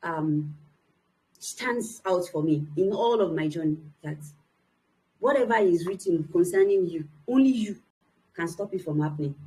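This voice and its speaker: A woman's voice: mid-range voice, warm tone, poor audio. A young adult woman, a motivational speaker, giving an earnest, emphatic personal testimony to young people.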